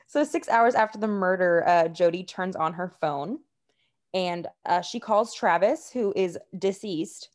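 A woman's voice: on the low side, unhurried. A woman co-hosting a casual true-crime podcast, talking in a chatty way full of fillers and openly exasperated about her subject. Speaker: podcast co-host.

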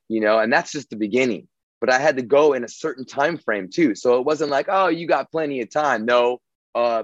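A man's voice: mid-range voice, no echo, muffled recording. A man casually telling a long story, rambling and swearing, with many restarts. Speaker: guest telling his story.

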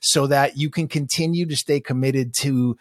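A man hosting a podcast, thinking out loud in loose, run-on sentences during a casual chat. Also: mid-range voice, steady tone, normal speed, no room sound, studio quality. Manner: reflective, talks in loose run-on thoughts. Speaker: podcast host.

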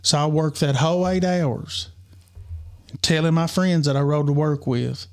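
Podcast co-host: man, slightly high voice, earnest and halting storyteller. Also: fairly even intonation. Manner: earnest, halting, many restarts. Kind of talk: personal storytelling.

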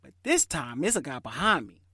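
A man hosts a podcast and tells a story in a lively, chatty way with plenty of slang. His voice sits a little higher than most men's. The sound is dry and close, with no room echo. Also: brisk, husky. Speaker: podcast host. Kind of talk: casual storytelling.

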